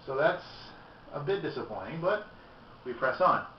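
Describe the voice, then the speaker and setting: A man's voice: a little high, very animated, normal speed, slight background noise. A man casually reviewing a beer on video, chatty and candid as he tastes and comments. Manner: chatty and candid, tasting as he talks. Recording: roomy, distant, dull lo-fi camera audio.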